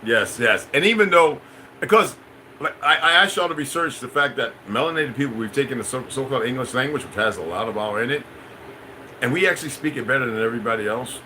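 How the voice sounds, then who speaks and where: A livestream host rambles in a loose monologue, repeating himself and answering viewers in the chat directly. His mid-range voice is expressive and sharp-toned, moving quickly. The low-quality recording carries a little hiss or hum.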